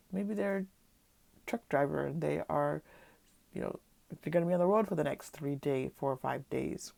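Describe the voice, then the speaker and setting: A woman with a stuffy, nasal voice from a cold, giving a gentle, reassuring pick-a-card tarot reading. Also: fairly low pitch, vocal fry, no echo. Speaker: tarot reader.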